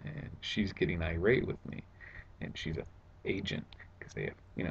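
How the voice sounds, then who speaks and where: A man's voice: sits low, brisk, creaky, lo-fi sound, a little hiss or hum. A man telling a story in a casual home vlog, recounting his frustrations in a sarcastic, exasperated way. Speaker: vlogger. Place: at home indoors.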